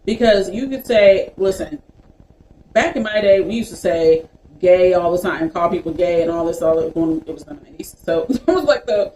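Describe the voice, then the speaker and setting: A woman's voice: fairly low pitch, expressive, normal speed, warm tone. Exasperated woman co-host in a roomy space. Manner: exasperated, casual, lots of fillers. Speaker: podcast co-host. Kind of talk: casual chat. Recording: roomy echo, faint noise.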